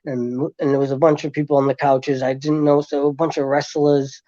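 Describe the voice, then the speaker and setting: A man guest telling a long story in casual chat, rambling with many fillers and restarts, and getting animated as he retells events. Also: on the high side, a little fast, dry recording, highs cut off.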